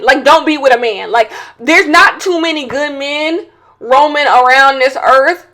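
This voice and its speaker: High-voiced animated woman podcast host. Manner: animated, swings between loud outbursts and quiet asides; candid and opinionated, with slangy banter. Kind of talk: casual chat.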